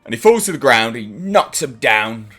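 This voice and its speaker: A man's voice: medium pitch, sing-song, moderate pace, a bit bright, soft background music. Chatty man reviewing TV. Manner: enthusiastic, chatty, acts out characters' lines. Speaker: TV reviewer, channel host. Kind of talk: casual spoken episode review.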